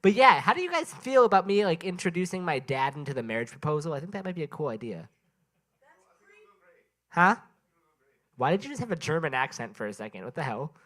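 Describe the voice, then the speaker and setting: Tired rambling open mic comic. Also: male voice, fairly high pitch, very animated, a little fast, long pauses, a bit bright. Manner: rambling, self-interrupting, chatting with the crowd. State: sleep-deprived and tired. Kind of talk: stand-up comedy set. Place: small indoor open mic venue.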